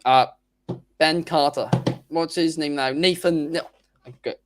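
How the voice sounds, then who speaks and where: A man's voice: on the high side, steady tone, unhurried, background noise. A man co-hosting a wrestling podcast, chatty and fond of ribbing the others. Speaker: podcast co-host. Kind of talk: casual chat.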